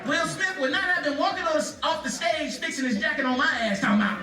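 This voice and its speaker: A man's voice: very high voice, fast, background noise. A man performing stand-up comedy, laughing through his routine. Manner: laughing, animated delivery. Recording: roomy, distant, loud crowd. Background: loud audience.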